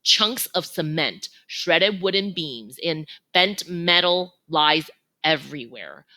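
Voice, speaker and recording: A woman reads a children's novel aloud with an expressive, animated delivery. Her voice is bright and lively, rising and falling freely, set in a fairly low register. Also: slow. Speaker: reader.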